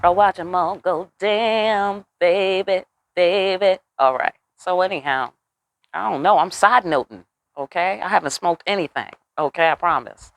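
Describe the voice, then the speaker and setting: A woman giving a casual tarot reading, animated and profane with chatty asides. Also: on the low side, moderate pace, dry recording. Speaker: tarot reader.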